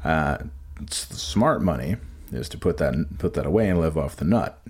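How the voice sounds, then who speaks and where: A man's voice: a bass voice, animated, normal speed, darkish tone, breathy edge. A man co-hosting a podcast in casual banter, rambling and profane, often trailing off and restarting sentences. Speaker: podcast co-host.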